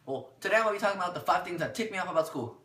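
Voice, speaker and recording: Animated teenage boy ranting in an echoey room. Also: sits high, very fast. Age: teens. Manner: animated, exaggerated, acts out exchanges. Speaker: vlogger. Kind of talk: comedic rant to camera.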